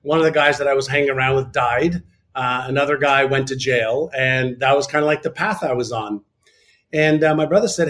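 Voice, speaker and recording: A man from Canada telling a candid personal story as an interview guest, animated and full of fillers. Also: medium pitch, brisk. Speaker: podcast guest.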